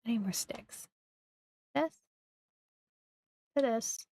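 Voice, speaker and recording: Young woman streamer, chatty and self-deprecating, higher-pitched, dry close sound. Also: drawn-out words, warm tone, no echo. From Missouri. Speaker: livestreamer. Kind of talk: casual live gameplay chat.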